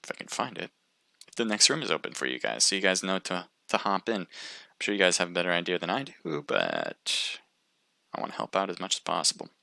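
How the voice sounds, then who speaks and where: A man's voice: sits low, very animated, brisk, creaky, pushed and bright, no room sound. A man casting a live stream, chatting casually with viewers and thinking aloud with frequent restarts. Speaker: livestream caster.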